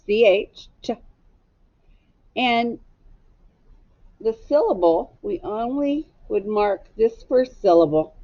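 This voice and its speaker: A woman's voice: medium pitch, dull audio. A woman teacher giving a recorded phonics lesson for children, spelling words out letter by letter in a patient, encouraging way. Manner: gently encouraging.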